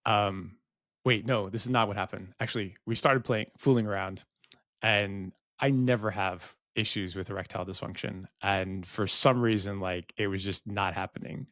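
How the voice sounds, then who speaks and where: Middle-aged podcast co-host, candid and self-deprecating storyteller, low voice, dry sound. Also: male voice, steady tone, moderate pace, a bit bright, dry recording. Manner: rambling, self-deprecating, acts out quoted dialogue.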